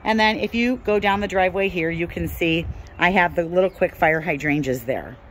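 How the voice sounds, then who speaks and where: A woman's voice: sits low, slight background noise. A woman hosting a casual gardening vlog, walking through her home garden and porch and chatting about her plants. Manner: relaxed, chatty, lists plant names. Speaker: gardening channel host.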